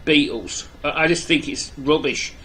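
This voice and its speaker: An Englishman with an English accent and a fairly high, bright, forceful voice. He talks casually to camera about music, blunt and opinionated, and rambles with lots of fillers and restarts. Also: normal speed, slight background noise, low-quality recording. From England. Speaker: music vlogger. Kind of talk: casual video chat to camera.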